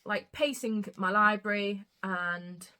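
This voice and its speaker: Girl rambling about her books, bright voice, super passionate, swears a lot. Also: medium pitch, slow, smooth. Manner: gushing, emotional, swears freely. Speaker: book vlogger. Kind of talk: casual chat.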